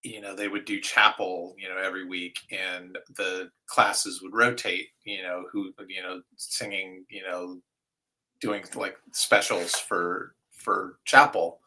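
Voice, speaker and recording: Bright-voiced man chatting as a guest. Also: low-pitched, measured pace, rough recording. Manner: relaxed, many fillers, trails off softly. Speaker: guest vocalist. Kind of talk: casual interview chat.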